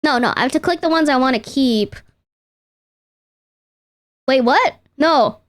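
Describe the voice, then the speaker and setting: A young woman VTuber streams casually to her chat, playfully talking through photos, interrupting herself and swearing freely. Her voice is high-pitched and a little slow.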